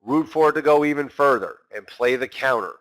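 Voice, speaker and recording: A man's voice: medium pitch, animated, a little fast, fairly bright tone. A man teaching a trading class in an emphatic way, asking questions and answering them himself. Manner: emphatic, rhetorical, asks and answers his own questions. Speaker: trading instructor.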